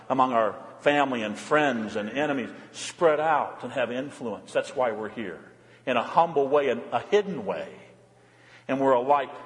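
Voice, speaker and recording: A man preaching a sermon as pastor, emphatic, rising high and then dropping to a low murmur. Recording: long reverb of a church hall.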